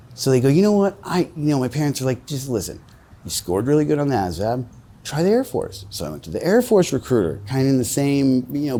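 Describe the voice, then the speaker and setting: A man's voice: medium pitch, warm tone. A man in his forties, interviewed on the street, telling a rambling, profane story and acting out the other people's voices. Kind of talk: casual storytelling.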